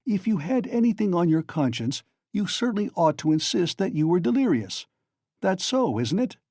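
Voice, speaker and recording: A man's voice: high voice, big pitch swings, moderate pace, a little mellow, dry recording, clean studio sound, pitched above the performer's own voice, heavily acted. A man putting on Porphyry, a sly coaxing magistrate. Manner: coaxing, insinuating, mock-friendly. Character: sly, genial male magistrate, probing and teasing.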